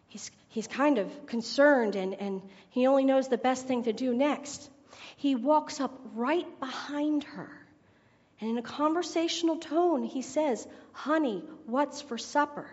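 A woman's voice: high voice, animated, unhurried. A woman preacher telling a joke and then giving her sermon, chatty and laughing at her own jokes. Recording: reverberant hall, dull sound.

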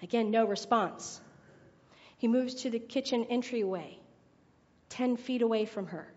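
A woman's voice: fairly high pitch, a little slow, long pauses, a little mellow. A woman preacher telling a joke and then giving her sermon, chatty and laughing at her own jokes. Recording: reverberant hall, dull sound.

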